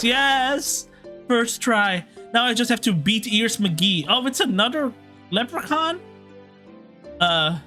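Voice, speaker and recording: A young man chatting excitedly through his gameplay commentary, reacting out loud to every turn as he plays. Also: high voice, measured pace, soft background music. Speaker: let's play gamer.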